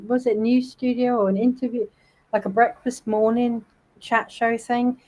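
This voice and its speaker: A woman's voice: on the high side, fairly even intonation, normal speed, poor audio. A British woman hosting a casual livestream panel chat, talkative and snarky, often breaking into laughter. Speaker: livestream host.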